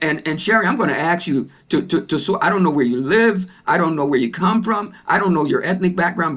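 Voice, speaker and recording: A man speaking as a panel guest on a video call, loud and excited, often repeating words as he builds momentum. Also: a little high.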